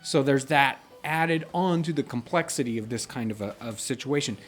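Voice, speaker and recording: A man's voice: medium pitch, moderate pace, soft background music. A middle-aged man hosting a casual question-and-answer chat, explaining things earnestly and reading out viewer questions. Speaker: channel host.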